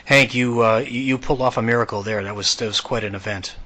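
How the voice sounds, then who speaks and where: Bright-voiced male talk show host. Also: medium pitch, fairly even intonation. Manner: admiring, halting with repeated words. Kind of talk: interview chat.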